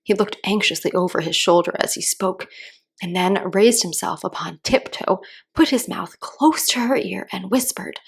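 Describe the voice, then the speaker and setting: A woman reads a children's bedtime story aloud in a calm, soothing storytelling voice. Her delivery is slow and gentle, with a gravelly, creaky texture and a pitch that sits in the middle of the range.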